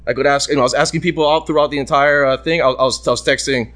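A man hosting a show, telling a long anecdote in casual chat and acting out the people in it. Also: racing. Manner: animated, acts out quoted voices with big jumps in pitch. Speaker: radio show host.

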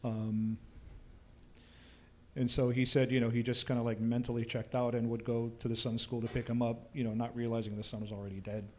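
A man's voice: mid-range voice, brisk. Guy, tour guide, laid back, spins stories with dry jokes. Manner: relaxed storyteller, dry humor, many fillers. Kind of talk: casual storytelling chat.

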